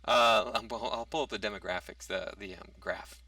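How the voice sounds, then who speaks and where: A man's voice: fairly low pitch, moderate pace, creaky, pushed and bright, no echo, distant mic. A man in a casual opinion monologue, reading out topics and rebutting them, with hesitant restarts. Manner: argumentative, reads out a topic then rebuts it. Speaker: commentary vlogger.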